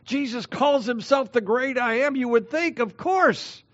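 A man preaching a sermon as a pastor, swinging between loud declarations and hushed, drawn-out phrases. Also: extremely high pitch, lo-fi sound.

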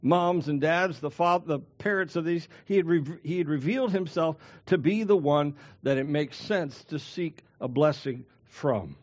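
A man preaching a sermon as pastor, slowing down to stress key words. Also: on the high side, a little mellow, muffled recording.

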